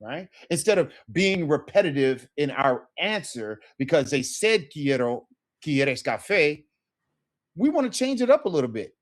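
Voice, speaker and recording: A man's voice: on the high side, very animated, a little slow. A middle-aged man teaching an online Spanish lesson, repeating phrases with rising emphasis.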